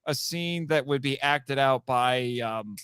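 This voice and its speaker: A man's voice: medium pitch, slow, a bit bright, clear, resonant tone, dry recording, studio quality. A man hosting a casual late-night livestream chat. He is tired, laughs easily and talks in a loose, rambling way. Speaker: podcast host. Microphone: video call setup.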